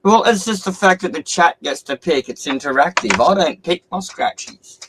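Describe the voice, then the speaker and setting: A man's voice: fairly high pitch, lively intonation, moderate pace, noisy background. Sweary man hosting a stream. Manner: blunt and sweary, calls out scratch ticket results. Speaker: live stream host. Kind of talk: casual live stream chat.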